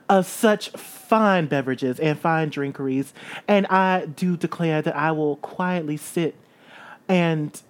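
A woman voicing a prim half-orc woman with a put-on Southern drawl and flowery, genteel speech. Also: low-pitched. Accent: mock American Southern.

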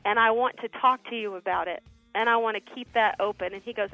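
A middle-aged woman, a ministry founder, telling family stories as a radio interview guest in an earnest, animated way. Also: medium pitch, fast talker, faint music behind. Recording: tinny phone line.

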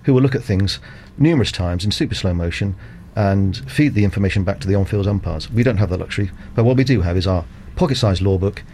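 A middle-aged man with a fairly low voice gives methodical, careful answers as a radio interview guest, filling his pauses with ums and uhs. Each point comes step by step and deliberately. A faint hiss sits underneath. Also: warm tone. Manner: measured, methodical explanations with frequent "um" and "uh". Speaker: cricket umpire, interview guest.

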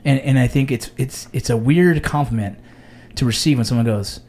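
With a mid-range voice at normal speed, this thirty-something podcast host, an army veteran, keeps the conversation casual. His storytelling is animated, and he's blunt and heavy on profanity.

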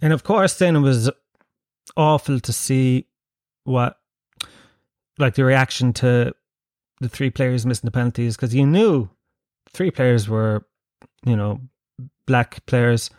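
A man's voice: medium pitch, slow, long pauses, a little mellow, dry recording, studio quality. Profane, rambling Irishman. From Ireland. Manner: profane, joking, rambling banter. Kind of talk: casual monologue.

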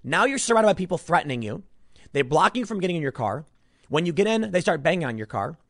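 A man's voice: on the high side, very animated, fast, fairly bright tone, no echo, studio quality. A man from Chicago giving an emphatic, rambling commentary on news stories, often repeating himself as he talks. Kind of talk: opinionated news commentary monologue.

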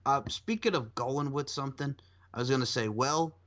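A man hosting a casual podcast, animated and rambling, swearing and laughing often. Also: medium pitch, normal speed. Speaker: podcast host. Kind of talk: casual chat. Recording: dull lo-fi sound.

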